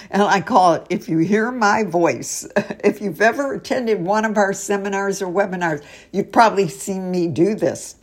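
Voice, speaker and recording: A woman's voice: mid-range voice, normal speed. A woman teacher trainer giving an upbeat instructional video tip, laughing often between phrases.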